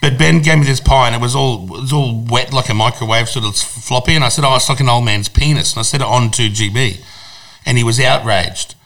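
Australian man, middle-aged, brash crude host, casual chat, mid-pitched. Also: brisk, a bit bright. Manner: blunt, crude and boastful. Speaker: radio host.

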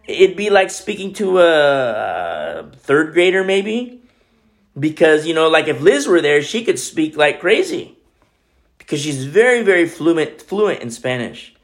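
A joking, chatty male pastor preaching a relaxed sermon in a small home church room. His voice sits a little high for a man, and he keeps restarting his sentences as he goes. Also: unhurried. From Peru. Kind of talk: casual sermon.

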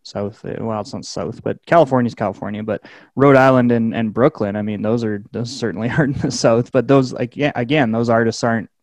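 A man chats loosely on a podcast, circling back on himself and stressing his points. His voice is mid-pitched and sits very dry and close to the mic. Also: fairly even intonation, a little fast, darkish tone, no room sound. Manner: rambling, emphatic, swears casually. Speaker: podcast host. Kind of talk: casual chat.

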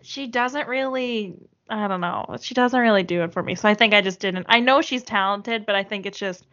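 A woman's voice: mid-range voice, normal speed, sharp tone. A woman chatting casually, rambling with lots of filler words and frequent laughs. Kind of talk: casual chat. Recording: dull lo-fi sound.

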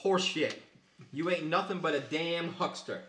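A gruff, suspicious townsman talks back bluntly, acted by a man. His voice sits a little high. The room rings around him. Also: moderate pace, fairly bright tone, recorded from a distance, a little hiss or hum, close to an everyday voice. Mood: angry. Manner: blunt, rough folksy talk. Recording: roomy stage echo.

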